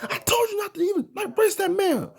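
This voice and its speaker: A man voicing a panicking teenage boy who rants in a high, whiny, half-crying voice over his mother's car. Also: lively intonation, fairly quick, creaky, heavily acted. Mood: frantic.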